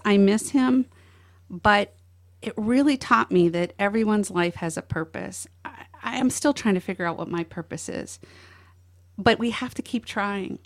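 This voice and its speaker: A middle-aged woman, a guest, telling a deeply personal story in an earnest, emotional way. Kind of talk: personal testimony in an interview.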